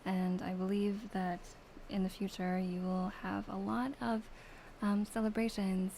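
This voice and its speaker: A young woman reading tarot gently in a whispered role-play, soft and halting with many fillers. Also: mid-range voice, little pitch movement, a little hiss or hum, low-quality recording. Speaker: ASMR streamer reading tarot.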